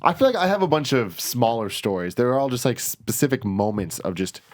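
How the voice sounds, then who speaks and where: A man's voice: mid-range voice, animated, brisk. A young man co-hosting a casual chat show, telling a story in a loose, profane way. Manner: casual, swears freely, brief backchannels. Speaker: podcast co-host.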